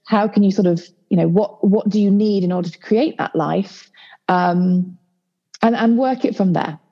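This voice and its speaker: A woman yoga teacher, a guest on a casual podcast interview, speaking in a relaxed way with hesitant fillers and easy laughter. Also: mid-range voice, moderate pace, highs cut off.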